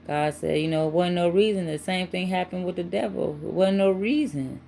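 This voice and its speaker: A woman's voice: fairly low pitch, moderate pace, vocal fry, dark tone, slight background noise. A woman giving a casual spiritual tarot reading to her channel, chatty and emphatic, with frequent asides. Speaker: tarot reader.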